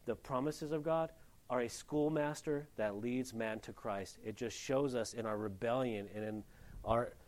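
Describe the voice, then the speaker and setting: A man preaching a sermon in a plain-spoken, folksy way. He swings between loud, emphatic rises and quiet, low asides. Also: unhurried.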